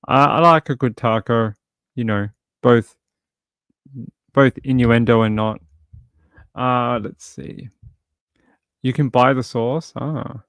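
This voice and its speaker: A man's voice: mid-range voice, slow, pauses often, fairly bright tone, smooth, no room sound. A male livestream host in casual late-night chat, reading viewer comments aloud and rambling with jokey asides. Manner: chatty and rambling, many fillers and restarts.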